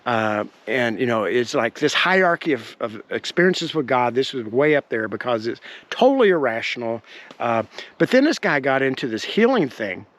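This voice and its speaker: A man hosting his own show, telling a personal story in an animated, indignant way with many fillers, recorded on a handheld camera. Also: medium pitch, moderate pace. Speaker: podcast host.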